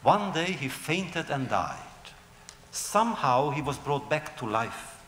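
A man delivers a storytelling lecture, his voice slightly high and full of rises and falls as he poses questions to the audience. The sound rings out with the long echo of a big hall, and a faint hiss sits behind it. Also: slow. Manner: animated storytelling with rhetorical questions. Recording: echoey hall recording.

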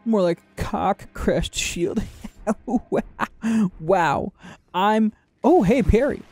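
Animated, wisecracking male gamer. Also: sits high, extremely slow, soft background music. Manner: joking, swearing, loud exaggerated reactions. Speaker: gaming video creator. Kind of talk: casual gameplay commentary.

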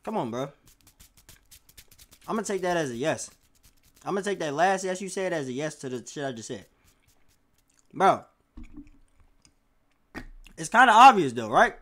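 A man's voice: a little high, sing-song, unhurried, pauses often, fairly bright tone. A man streaming live, chatting casually with his viewers in loose slang, swearing and firing questions at the chat. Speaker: streamer reacting to a video.

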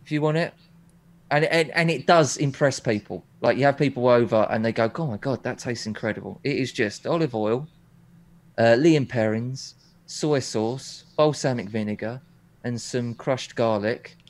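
A man, chatting as a guest over a video call. He talks in a relaxed, easy way and grows keen when the talk turns to cooking. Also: mid-range voice, normal speed. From England. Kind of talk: casual chat.

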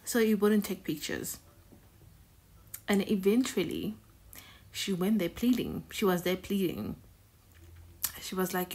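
A woman gives casual reaction commentary, talking through her thoughts in a loose, conversational way. She circles back and repeats words for emphasis, with her voice at an ordinary mid pitch. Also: expressive, slow pace, pauses often, a little mellow, husky. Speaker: reaction video host.

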